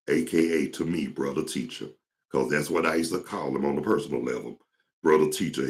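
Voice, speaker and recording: Host, male, very low gravelly voice, rambling storyteller. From Georgia, US. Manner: rambling, storytelling, mimics singers. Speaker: talk show host. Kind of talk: casual solo talk.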